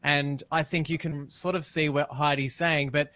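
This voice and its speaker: A man's voice: a little high, little pitch movement, moderate pace, bright, forceful tone, dry recording. A man co-hosting a chat show, asking the guest leading questions. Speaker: co-host. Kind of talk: casual interview chat.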